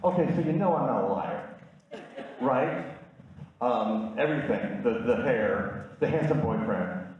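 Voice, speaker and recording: A man's voice: medium pitch, expressive, unhurried, slight background noise. Self-deprecating older man telling his story. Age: 60s. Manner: candid, self-deprecating humor. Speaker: speaker at a community event. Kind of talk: personal storytelling talk with slides. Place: community event room. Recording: echoey, distant, dull room sound.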